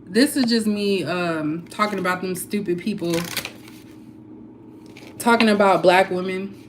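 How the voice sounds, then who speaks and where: A woman tarot reader and channel host, ranting frankly and heatedly to her viewers and clearing her throat often. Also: mid-range voice, measured pace, noisy background. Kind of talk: candid ranting vlog.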